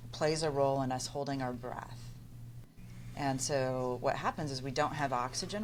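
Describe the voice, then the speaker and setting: A woman with a deep alto voice, a psychologist guest talking animatedly in an interview and acting out playful inner dialogue. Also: slight background noise. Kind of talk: conversational interview.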